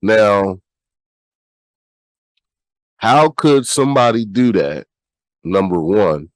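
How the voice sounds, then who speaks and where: Man, nasal, sick and congested, blunt podcast commentary, unhurried delivery. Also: fairly low pitch, expressive, no echo, low-quality recording. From United States. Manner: blunt, repeats himself, swears freely. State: sick, stuffy. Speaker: podcast host. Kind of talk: casual commentary, reading news aloud.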